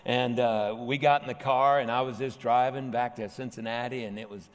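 Man, pastor, animated humorous storytelling, sermon, long hall reverb, stage mic. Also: medium pitch, a little fast, hardly any pauses. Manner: animated anecdote with humorous asides. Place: large church sanctuary.

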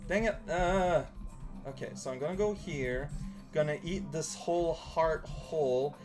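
A man's voice: on the high side, measured pace, music in the background. A man casually commentating on a video game as he plays, rambling and giggling through jokey asides. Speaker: let's play commentator.

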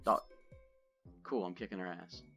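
A man's voice: low voice, steady tone, measured pace, gravelly, sharp tone. A man hosting a gaming channel, chatting loosely and joking as he plays. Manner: chatty, loose, swears and jokes. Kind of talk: casual gameplay commentary. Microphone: desk microphone. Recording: dull lo-fi with game music.

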